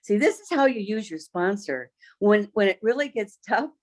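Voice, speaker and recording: A woman's voice: medium pitch, animated, moderate pace. A woman casually telling a story about her business. She laughs often and acts out the voices of the people she quotes.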